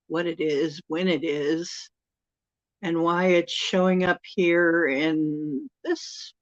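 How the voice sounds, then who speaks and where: A woman's voice: sits low, dry recording, muffled recording. A woman hosting a casual livestream, chatty and rambling, often laughing and correcting herself. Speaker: livestream host.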